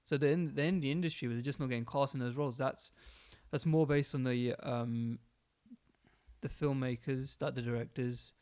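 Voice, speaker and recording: A man's voice: medium pitch, steady tone, moderate pace, darkish tone, clean tone. A man co-hosting a casual podcast, laid-back and fond of saying innit. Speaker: podcast co-host. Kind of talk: casual chat.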